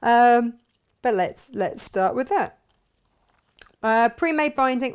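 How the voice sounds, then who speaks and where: A woman's voice: a little high, lively intonation, takes it slowly, long pauses, clean tone. A woman chatting casually through a sewing tutorial as she works, self-mocking and talkative. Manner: chatty, self-mocking, talks while working. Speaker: sewing vlogger and shop owner.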